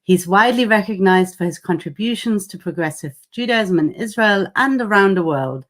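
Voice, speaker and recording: A woman who is a rabbi chairs the session, formally introducing the panel speakers in a measured, read style. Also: medium pitch, lively intonation, a bit bright. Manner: measured and formal, reading bios.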